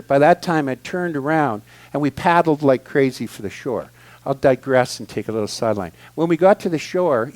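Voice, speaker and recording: The guest speaker, his voice a little high, shares an amusing story from his own life at a spiritual center. He tells it with animated expression, going from loud enthusiasm to quieter remarks on the side.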